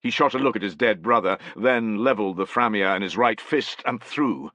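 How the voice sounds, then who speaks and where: A man's voice: fairly low pitch, normal speed, a bit bright, no room sound. A man narrating a dramatic war novel, voicing each character expressively. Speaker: audiobook narrator.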